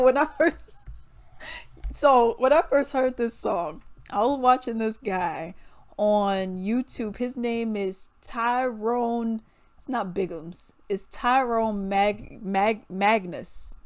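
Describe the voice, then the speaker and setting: A woman's voice: on the high side, slow, no room sound. A young woman, giving casual music commentary, laughing often and mocking songs in singsong voices.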